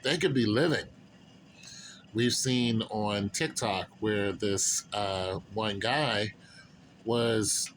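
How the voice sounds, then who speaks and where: A man's voice: fairly low pitch, fairly bright tone, slight background noise, poor audio. A man talking straight to his viewers in a casual monologue, earnest and rambling, with many fillers and restarts. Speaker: vlogger.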